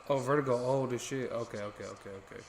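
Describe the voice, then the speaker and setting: A young adult American man co-hosts a live stream, chatting and joking with viewers and cursing freely. He speaks quickly at medium pitch, with slight background noise and a roomy echo.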